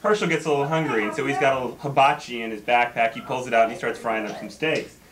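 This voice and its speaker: A man's voice: medium pitch, fairly even intonation, fast. A man telling a long, rambling joke at a family holiday gathering, caught on a home camera mic. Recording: home recording with chatter behind.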